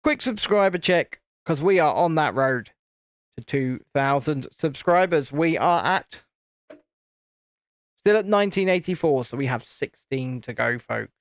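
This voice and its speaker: A man's voice: a little high, animated, unhurried, no echo, clean studio sound. A man, hosting a casual live stream, chatting and teasing while he builds a model. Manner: chatty, teasing, self-deprecating.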